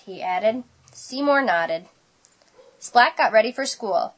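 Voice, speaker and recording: A woman reading a picture book aloud, expressive and unhurried, adding her own asides. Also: on the high side. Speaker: storybook reader.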